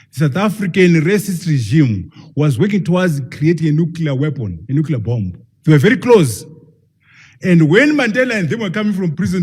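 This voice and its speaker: A man's voice: on the high side, a little mellow, breathy edge. A man, a professor, giving an emphatic public lecture and firing rhetorical questions at his audience.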